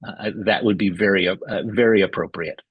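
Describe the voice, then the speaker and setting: Husky-voiced man on a podcast. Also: deep voice, steady tone, dry recording, highs cut off. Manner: earnest and enthusiastic, halting with fillers. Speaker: podcast co-host. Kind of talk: casual chat.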